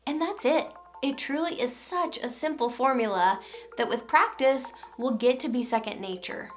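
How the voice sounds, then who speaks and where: Woman, parenting coach, somewhat high voice, calm and clear, faint music underneath. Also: normal speed. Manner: calm, clear and encouraging, demonstrating phrases to say. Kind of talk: scripted instructional talk.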